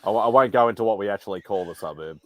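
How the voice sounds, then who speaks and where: A man's voice: on the low side, very fast, a bit bright, no room sound. A man hosting a casual livestream chat, blunt and joking, swearing freely. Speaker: livestream host.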